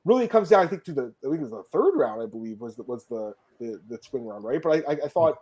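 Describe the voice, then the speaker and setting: A man's voice: medium pitch, big pitch swings, fast, dark tone. A man hosting a casual sports podcast, talking bluntly and emphatically and swearing freely. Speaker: podcast host.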